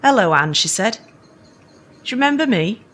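A nervy housewife. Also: female voice, medium pitch, very animated, normal speed, fairly bright tone. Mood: reflective. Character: Anne, anxious miner's wife caring for husband. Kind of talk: radio drama.

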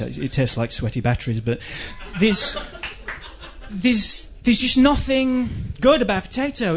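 A man with a high voice performs a stand-up rant, exasperated and swearing freely. The recording sounds dull and lo-fi. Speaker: comedian.

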